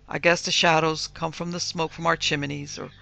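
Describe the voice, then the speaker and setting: A narrator puts on a stubborn middle-aged father who refuses to believe in anything strange. His voice is low and gravelly, with a bright, forceful edge. He sounds firm and dismissive. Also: little pitch movement, normal speed.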